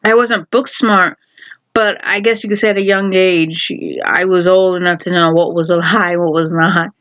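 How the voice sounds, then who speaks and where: A woman's voice: fairly low pitch, fairly even intonation, normal speed, fairly bright tone. A woman telling a personal story in casual chat, rambling with lots of fillers and frequent laughs.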